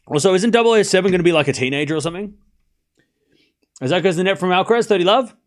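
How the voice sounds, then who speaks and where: A man's voice: sits high, expressive, racing. A young man casually commentating a tennis match on a live stream, chatting with his viewers, cracking jokes and drifting off on tangents between points.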